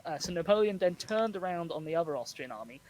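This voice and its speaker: A man hosting a podcast, explaining history in a relaxed chat with frequent laughs. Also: a little high, fast, over a noisy crowd, rough recording. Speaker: podcast host. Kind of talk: casual storytelling chat.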